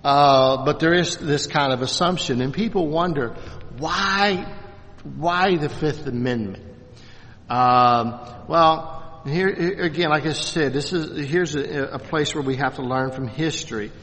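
A man's voice: a little high, fairly bright tone. A man teaching a Bible class in a loose, unscripted way, talking in stops and starts with many restarts and fillers. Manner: halting, many restarts and fillers, self-deprecating. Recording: distant mic, long hall reverb.

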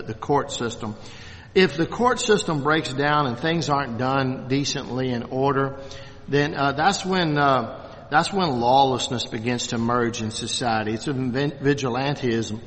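A man's voice: mid-range voice, a bit bright. Man teaching in a reverberant hall. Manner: halting, many restarts and fillers, self-deprecating. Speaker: Bible teacher. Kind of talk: unscripted church class teaching. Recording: distant mic, long hall reverb.

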